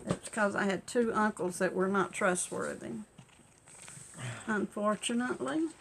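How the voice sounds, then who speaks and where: Older woman, folksy family storyteller, gravelly, loud sewing-machine hum behind. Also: mid-range voice, a little slow, poor audio. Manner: folksy, animated in quotes, laughs. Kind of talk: casual oral storytelling. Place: home sewing room.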